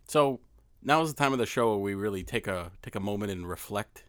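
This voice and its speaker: Lively, bright-voiced male podcast host. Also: fairly low pitch, no echo, studio quality. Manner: joking, quick to riff. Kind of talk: casual chat.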